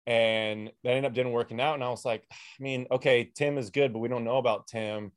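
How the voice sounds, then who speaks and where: Young male podcast host, casual storyteller, laid-back, average pitch. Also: steady tone, a little fast, dry recording, clean studio sound. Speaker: podcast host, former player. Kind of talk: casual chat.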